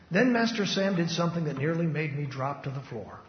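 A man's voice: a little high, expressive, a little fast, hardly any pauses, slight background noise. Man preaching a dramatic testimony in a hall. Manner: emphatic, with big swings between loud and hushed. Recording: echoey hall, dull lo-fi sound.

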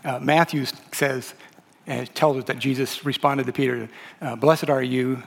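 A man's voice: mid-range voice, steady tone, moderate pace, creaky. A man teaching a Bible lesson, talking loosely with many fillers and restarts as he reads and explains. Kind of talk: lecture on a gospel. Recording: long hall reverb.

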